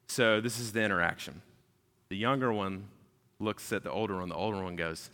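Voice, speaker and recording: A man, preaching a sermon in a casual, animated storytelling way. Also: lowish voice, normal speed. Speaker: pastor. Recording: long hall reverb.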